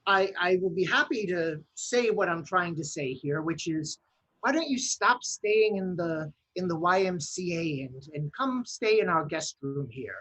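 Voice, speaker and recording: Woman improviser, husky, lowish voice, halting delivery, video call. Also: lively intonation, a bit bright, low-quality recording. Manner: halting, restarts often. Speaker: improv performer. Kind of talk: online improv scene work and chat.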